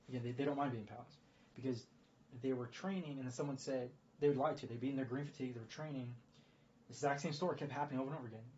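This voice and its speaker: Fast-talking rambling man, lo-fi audio. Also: medium pitch, a little mellow. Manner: rambling, many fillers and restarts. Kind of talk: casual spoken commentary. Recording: dull lo-fi audio with faint noise.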